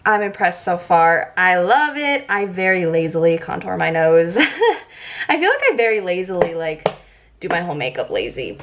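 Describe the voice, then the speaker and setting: A young woman vlogging casually about her makeup, excitable and giggly, chatting as she works. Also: lowish voice. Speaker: beauty vlogger. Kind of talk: casual makeup tutorial chat. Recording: slightly dull lo-fi audio.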